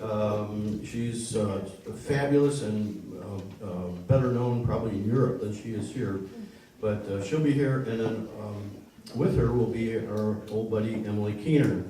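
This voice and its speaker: A man's voice: fairly low pitch, warm tone, slight background noise. A man hosting a small concert series, telling a joke and making announcements with many ums and uhs. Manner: rambling, halting with many fillers. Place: small concert venue with an audience. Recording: roomy live room recording from far off with crowd.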